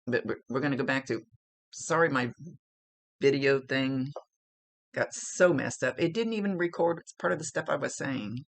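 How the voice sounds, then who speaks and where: A woman's voice: very deep voice, normal speed. A middle-aged woman giving a recorded psychic reading in a chatty, emotional, blunt way, swearing freely. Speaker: psychic medium.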